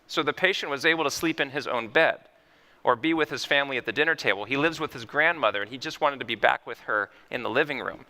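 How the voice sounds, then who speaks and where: Bright-voiced man telling clinical stories. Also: mid-range voice, quick pace. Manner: animated, vivid storytelling. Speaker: physician speaker. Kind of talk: conference keynote storytelling.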